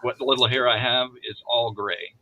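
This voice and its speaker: A man's voice: mid-range voice, fairly even intonation, normal speed. A middle-aged man from Northeast Iowa, chatting and joking casually. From Northeast Iowa, USA. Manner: joking, chatty, laughs often. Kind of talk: casual chat on a group video stream. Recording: dull lo-fi stream audio with faint noise.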